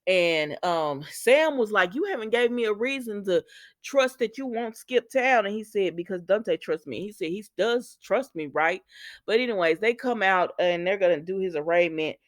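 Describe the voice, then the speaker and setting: Woman soap recap host, chatty and sassy, mid pitch, dry close mic. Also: animated, normal speed, no echo. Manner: chatty, sassy asides to viewers. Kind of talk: casual recap chat.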